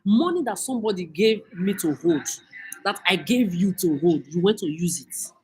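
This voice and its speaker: A woman's voice: lowish voice, animated, normal speed, mellow, a little hiss or hum, rough recording. A woman with a Nigerian accent delivering an angry rant monologue, cursing and scolding as she mixes in Pidgin. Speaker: vlogger.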